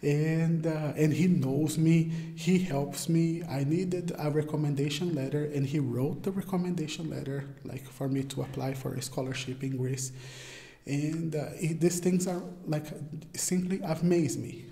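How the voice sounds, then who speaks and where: In a relaxed interview, a young Brazilian man who grew up speaking Portuguese responds in English with a Brazilian Portuguese accent, pausing to hunt for words. His fairly high voice is mellow, with fairly even intonation and a measured pace, heard in a room with noticeable echo.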